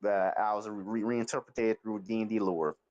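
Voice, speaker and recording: Halting, stammering man on a stream. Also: lowish voice, fairly even intonation, lo-fi sound. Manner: halting, stammering, restarts sentences. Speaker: stream guest. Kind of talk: casual chat.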